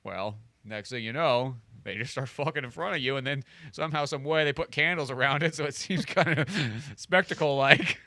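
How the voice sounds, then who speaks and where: Man putting on a loud jolly old friar. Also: medium pitch, moderate pace, few pauses, no echo. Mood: boisterous. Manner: boisterous, joking. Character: jolly boozy male medieval friar. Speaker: podcast co-host.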